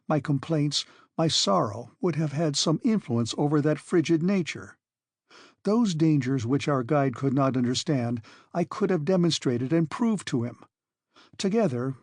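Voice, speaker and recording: A man narrating a classic adventure novel as an audiobook in a steady, measured way. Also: fairly high pitch, dry recording, studio quality. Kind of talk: scripted narration.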